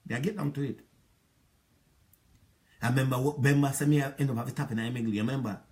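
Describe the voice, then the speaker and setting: A man's voice: medium pitch, steady tone, fast talker, a little mellow. A middle-aged man with a Jamaican accent, rambling through an aggrieved spoken account of a past relationship. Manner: rambling, aggrieved, patois-inflected storytelling. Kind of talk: monologue recounting a past relationship.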